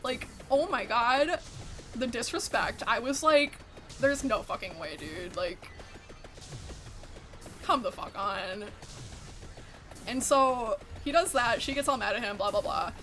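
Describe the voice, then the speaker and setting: A woman's voice: a little high, expressive, slow pace, long pauses, a bit bright, soft background music. A young adult woman streaming a game, chatting casually and animatedly, swearing freely and saying "like" a lot. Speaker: VTuber streamer. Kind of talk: casual chat while gaming.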